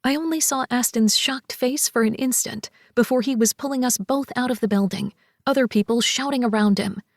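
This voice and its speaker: A woman narrating an audiobook romance in the first person, expressive and voicing each character. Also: fairly high pitch, a little fast, no room sound, studio quality.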